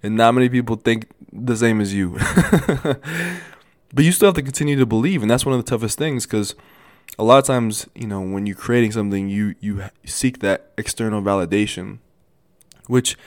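A man's voice: fairly low pitch, no room sound. A young man hosting a solo podcast, talking earnestly and casually to listeners, with frequent restarts and small stutters. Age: young adult. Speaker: podcast host. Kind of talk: motivational solo podcast talk.

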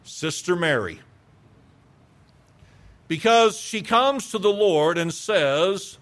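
A man's voice: high-pitched, expressive, takes it slowly, pauses often, a bit bright. A male pastor preaching a sermon, emphatic, asking rhetorical questions and repeating phrases for weight.

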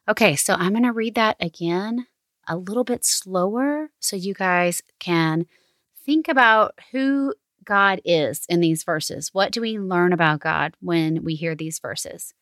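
A woman in her thirties hosting a family prayer and meditation time, speaking slowly and encouragingly to her son. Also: fairly low pitch, fairly bright tone, no room sound, clean studio sound. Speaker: host of family devotional. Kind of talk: gentle guided family devotional.

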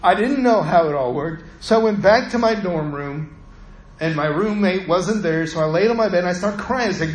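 A man's voice: sits high, moderate pace, echoey room, low-quality recording. A middle-aged man preaching a sermon, telling a personal story in a conversational way and acting out the voices of the people in it.

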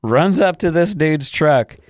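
Crude guy ranting on a podcast, animated, dead dry room. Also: fairly high pitch, unhurried, no echo. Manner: profane, animated retelling with quoted voices. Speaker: podcast co-host. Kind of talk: crude casual storytelling.

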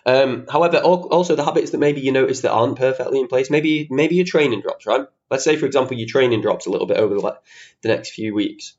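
A man's voice: mid-range voice, quick pace, a little mellow. A young man hosting his own podcast, talking in a chatty, ranting way, swearing casually and poking fun at himself. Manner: chatty, ranty, swears casually, self-mocking. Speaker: podcast host. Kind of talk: casual solo podcast monologue. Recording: slightly dull lo-fi podcast audio.

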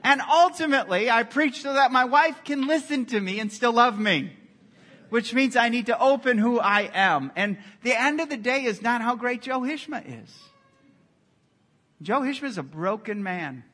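A man's voice: extremely high pitch, lively intonation, normal speed, sharp tone. A middle-aged man preaching a sermon as pastor, earnest, acting out quoted dialogue as he speaks.

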